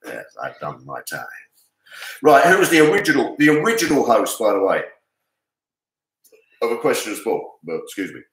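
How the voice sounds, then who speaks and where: An Englishman runs a charity pub quiz in a bright, easygoing voice. He jokes between the questions and draws out each answer. The sound is roomy and echoey. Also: mid-range voice, huge pitch swings. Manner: jokey, chatty, reads answers slowly. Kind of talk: casual charity quiz hosting. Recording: echoey room.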